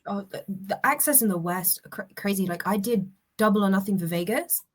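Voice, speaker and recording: A woman's voice: mid-range voice, fairly quick. A woman telling stories as a guest in a casual chat, restarting sentences as she goes. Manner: chatty storyteller with many restarts.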